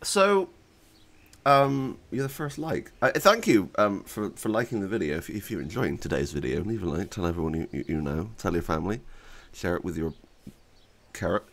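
A gaming YouTuber from Bath with a West Country English accent, chatting in a rambling, self-deprecating way over gameplay. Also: male voice, deep voice, lively intonation, moderate pace, fairly bright tone. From Bath, England. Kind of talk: casual gameplay commentary.

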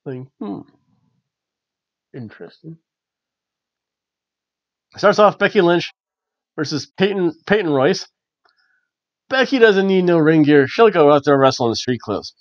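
A man hosting a casual wrestling review, chatty and animated with lots of fillers. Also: fairly high pitch, moderate pace, no room sound. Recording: dull, dry lo-fi recording.

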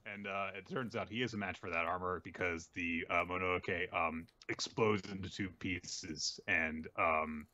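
A man hosting a podcast, casually recapping a manga chapter and halting often with fillers. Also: sits low, steady tone, bright, forceful tone, muffled recording. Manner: rambling, halting with many fillers. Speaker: podcast host.

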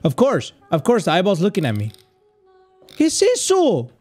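A man's voice: high voice, wildly swooping pitch, normal speed, darkish tone, faint music behind. A man giving rambling, nervous commentary while playing a horror game, breaking into nervous laughs. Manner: jittery, rambling nervous chatter. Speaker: gamer.

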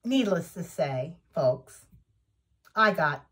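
A woman's voice: low-pitched, lively intonation, takes it slowly, fairly bright tone. A woman hosting a needlework vlog, chatting casually and enthusiastically as she shows off projects. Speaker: needlework vlogger. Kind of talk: casual show-and-tell chat.

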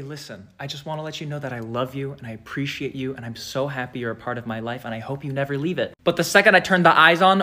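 A performer playing a creepy, clingy ghost boy, bright and lively. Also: medium pitch. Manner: rambling, filler-heavy, swings into hushed asides. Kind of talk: in-character monologue to camera. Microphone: phone camera.

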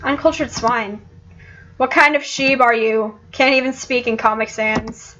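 A bossy, snarky cat from a game, insulting everyone in a bright, fairly high voice, as a woman reads her. The recording is slightly dull with faint hiss. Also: fairly even intonation, a little slow. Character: rude bossy cat protagonist.

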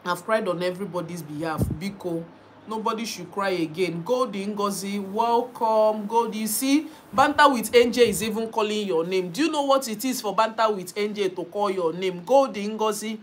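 A woman hosts her birthday live stream from home, speaking slowly and effusively as she thanks viewers one by one. Her voice sits a little high. A faint hiss of background noise runs under the phone recording. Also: fairly bright tone, rough recording. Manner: effusive, thanks viewers by name, laughs often.

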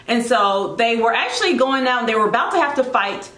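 Chatty woman doing a devotional talk, kinda high voice, lots of asides, roomy echo. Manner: animated and chatty, quick asides and self-corrections. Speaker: Christian blogger giving devotional teaching.

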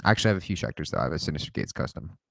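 A man's voice: rumbling low, big pitch swings, racing, gravelly, fairly bright tone, dry recording, clean studio sound. A man hosting a livestream, answering viewer questions in a casual, joking way with plenty of swearing and rambling asides. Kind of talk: casual rapid-fire Q&A livestream.

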